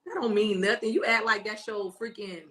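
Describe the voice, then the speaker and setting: A woman's voice: medium pitch, fairly even intonation, a little fast, a bit bright. A woman co-hosting a casual live stream, teasing her co-host and reading viewer comments with brash, profane humor. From born in Spain, raised in Florida and Texas. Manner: brash, teasing, swears freely.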